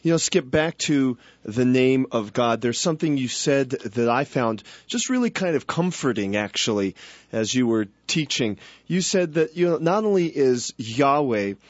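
A man's voice: mid-range voice, lively intonation, moderate pace, dry recording, muffled recording. A man co-hosting a call-in radio show, reflecting on a teaching in a thoughtful, appreciative way. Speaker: radio co-host.

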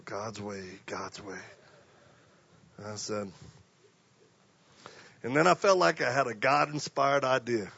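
A man preaching a sermon, telling stories and acting out voices, swinging from quiet to loud. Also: mid-range voice, animated, takes it slowly, gravelly, long pauses, husky, lo-fi sound.

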